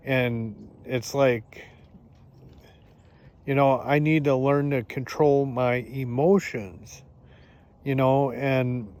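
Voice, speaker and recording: Slow-talking guy vlogging outside, lots of uh and um, keeps restarting. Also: mid-range voice, a little mellow. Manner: halting, many fillers and restarts. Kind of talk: casual spoken reflection. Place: outdoors in the countryside.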